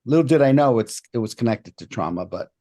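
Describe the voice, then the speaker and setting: A man with a mid-range voice tells a personal story on an interview show. His pitch leaps up when he quotes other people and drops low for his own doubts. He sounds casual and animated. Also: fast. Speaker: podcast guest, hypnotist.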